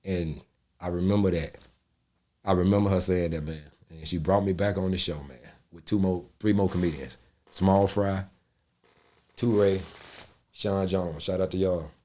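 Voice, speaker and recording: A middle-aged male comedian with a fairly low voice tells stories in an easy, profane way. He talks casually and reflectively, sprinkling in slang and asides to the listener. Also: normal speed, long pauses. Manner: animated, profane storytelling that jumps into loud high quoted voices. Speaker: comedian interviewee. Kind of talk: casual storytelling interview.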